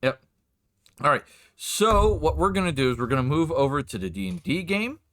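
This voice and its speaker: A man's voice: fairly high pitch, sing-song, moderate pace, a bit bright. A man, a game master and streamer, chatting casually and rambling as he sets up the session. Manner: rambling, chatty, self-interrupting.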